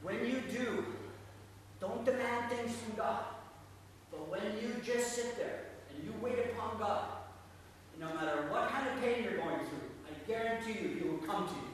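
A man preaching a sermon, emphatic and repetitive, swinging from loud peaks to quiet stretches, recorded from far off in an echoey church hall. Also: sits high, animated, measured pace, slight background noise. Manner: emphatic, repetitive, swells then drops to quiet.

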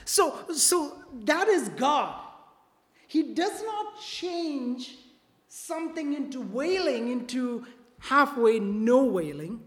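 Slow preacher in an echoing church hall. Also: high voice, lively intonation. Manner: repeats phrases, keeps checking in with "right?" and "okay?". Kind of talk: sermon. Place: church sanctuary. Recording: long reverb of a large hall.

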